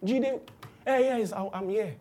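Animated woman preaching, warm tone. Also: sits low, normal speed. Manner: animated, acts out quoted voices with exclamations. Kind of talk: sermon.

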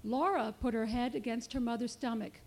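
A woman children's author reading her picture book aloud in a clear, expressive storybook manner. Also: on the high side, a little fast.

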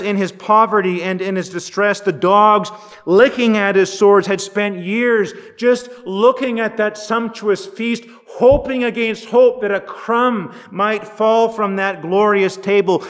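A male pastor preaching slowly, with a high, light voice and long pauses. He leans hard on key phrases and lets them ring out through a church with a long echo. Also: fairly bright tone, smooth. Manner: measured, emphatic with dramatic pauses. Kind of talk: sermon.

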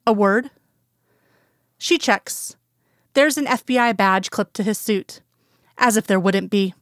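Smooth, close-miked woman narrator for a calm fanfiction reading, dry sound. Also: mid-range voice, a little slow, no room sound. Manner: calm storytelling, plain voices for quoted characters. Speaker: fanfiction reader. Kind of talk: scripted narration.

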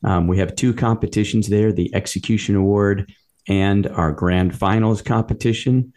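A man answering as a podcast guest, explaining things in a steady, matter-of-fact way. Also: lowish voice, normal speed. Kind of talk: interview answers.

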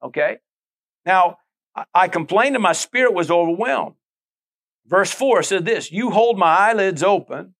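A man's voice: high-pitched, lively intonation, a little slow, a bit bright. Conversational male pastor preaching. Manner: conversational preaching with many asides and repetitions. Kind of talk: sermon.

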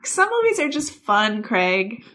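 A woman's voice: a little high, very animated, unhurried, bright, forceful tone. A woman co-hosting a casual movie podcast, enthusiastic and laughing often. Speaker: podcast co-host.

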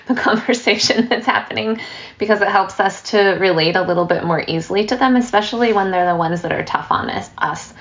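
Slow-talking woman meditation teacher, lowish voice, dull lo-fi audio. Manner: relaxed, with laughs and asides. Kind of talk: dharma talk.

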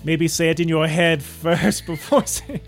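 A man's voice: a little high, measured pace, soft background music. Man in a hammy mock-French persona. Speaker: stream co-host. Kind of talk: joking live-stream banter.

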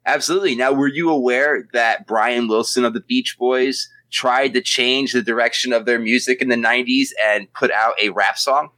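A man's voice: mid-range voice, steady tone, moderate pace, few pauses, pushed and bright, rough recording. A man co-hosting a podcast, talking casually with dry sarcasm and some swearing. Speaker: podcast co-host. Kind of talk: casual comedic banter.

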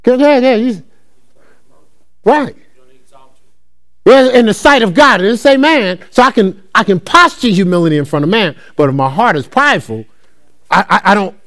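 Animated man preaching with lively pitch. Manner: animated, repetitive, conversational preaching with call-and-response. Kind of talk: sermon.

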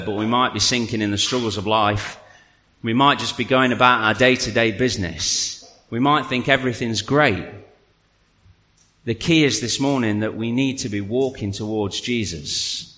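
A man preaching a sermon to a congregation, telling the story with animated energy and then dropping to a quiet, earnest appeal. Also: on the low side. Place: church hall. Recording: long reverb of a large hall.

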